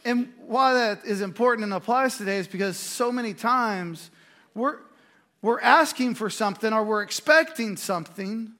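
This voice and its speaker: A man preaching a sermon in a conversational way, with quick asides and restarts. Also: high voice, sharp tone. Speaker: pastor.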